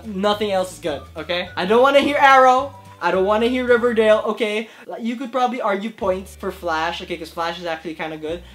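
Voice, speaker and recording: A man in his twenties answering viewer questions to camera, excitable and gushing, with faint music behind. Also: a little high. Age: 20s. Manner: excitable, gushing, lively swings in loudness. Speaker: YouTube creator. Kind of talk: casual Q&A vlog to camera. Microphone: camera in front of him.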